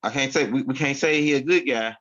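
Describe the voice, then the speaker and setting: A man's voice: mid-range voice, fairly quick, a bit bright. A man hosting his own online show, rambling through casual commentary in street slang and often repeating himself. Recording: dull lo-fi sound.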